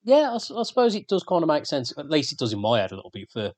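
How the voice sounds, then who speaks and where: A man's voice: on the high side, wildly swooping pitch, very fast. A man with a Birmingham accent co-hosting a podcast in casual, sweary banter. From England. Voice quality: sweary, laid-back banter. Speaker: podcast co-host. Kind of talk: casual chat.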